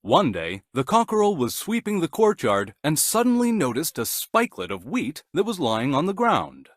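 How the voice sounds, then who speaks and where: A man narrating a scripted children's bedtime story in an animated, gentle storytelling manner. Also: a little high, moderate pace, no echo, studio quality.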